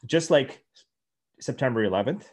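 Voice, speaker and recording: A man's voice: mid-range voice, animated, normal speed. A man hosting a podcast interview, enthusiastic and reflective, sometimes searching for his words.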